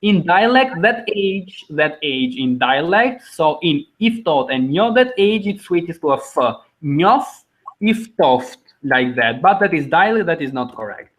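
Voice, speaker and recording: Male language teacher on a video call, patient, encouraging, a little high-pitched. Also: lively intonation, normal speed, few pauses, a bit bright, poor audio. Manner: patient, encouraging, explains step by step. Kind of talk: online class teaching.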